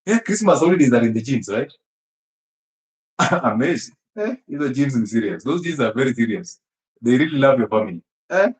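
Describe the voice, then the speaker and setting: A man giving an animated health talk, emphatic and teasing, often laughing and throwing rhetorical questions at his listeners. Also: mid-range voice, a little fast. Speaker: health speaker. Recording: echoey room.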